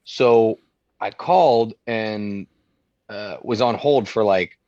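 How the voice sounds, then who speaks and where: A man's voice: lowish voice, takes it slowly, darkish tone, no room sound, muffled recording. A man co-hosting a podcast in casual chat, telling stories in a rambling way with many fillers. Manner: rambling, filler-heavy storytelling. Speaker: podcast co-host.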